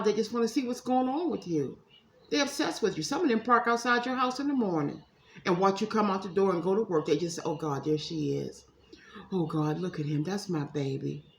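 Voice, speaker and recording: A woman's voice: medium pitch, a little hiss or hum. A woman giving a casual tarot reading to her viewers, chatty and emphatic, calling them y'all. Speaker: psychic tarot reader. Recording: echoey room, faint ambience.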